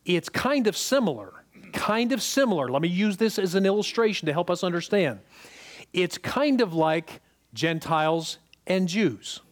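With a high voice, lively intonation and a moderate pace, a man delivers a sermon as if in conversation. He keeps checking in with his congregation and repeats words to drive points home.

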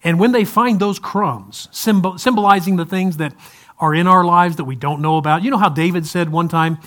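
A male pastor preaching a sermon in a relaxed, conversational way, with light humor and frequent restarts. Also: high-pitched, fairly quick. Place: church service, also streamed to viewers at home.

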